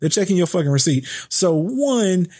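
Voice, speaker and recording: A man's voice: high voice, animated, moderate pace, a little mellow. Profane, fired-up male podcast host. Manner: heated and profane, swears heavily. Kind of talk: reading a news story, then ranting.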